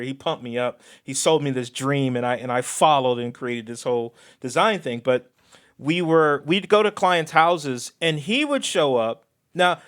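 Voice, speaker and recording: A man chatting on a podcast with a somewhat raised pitch. He tells stories with energy and swings into patois-flavored phrasing now and then. The talk is loose and conversational. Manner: animated storyteller, slips into patois phrasing. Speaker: podcast co-host, designer. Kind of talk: casual podcast chat.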